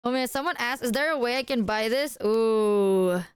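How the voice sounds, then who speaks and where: A woman streamer chatting to her viewers, excitable and apologetic as she shows off gifts. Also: fairly high pitch, clean tone, dry recording. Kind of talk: casual stream chat to viewers.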